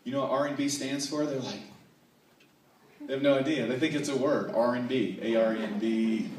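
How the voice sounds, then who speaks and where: In a playful stand-up routine full of audience asides, a North Carolina comedian speaks fairly quickly with a medium pitch and fairly even intonation. The background is noisy, and the sound is captured by a distant mic in an echoey hall with faint ambience.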